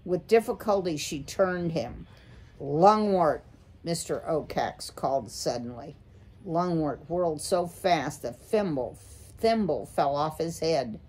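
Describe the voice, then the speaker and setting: A woman reading a children's novel aloud slowly and carefully. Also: sits low, animated, a little mellow, breathy edge. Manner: slow, careful read-aloud. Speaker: storybook reader.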